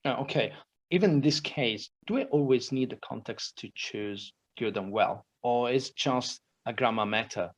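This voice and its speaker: A man's voice: mid-range voice, moderate pace. A man co-hosting a language podcast as a learner, asking curious questions and checking what he has understood. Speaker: co-host and English learner. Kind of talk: conversational grammar lesson.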